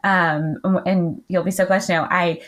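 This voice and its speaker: A woman's voice: fairly low pitch, steady tone, moderate pace, a bit bright. A middle-aged woman talking casually as an interview guest, chatty with many fillers and frequent light laughs. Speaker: podcast guest, client.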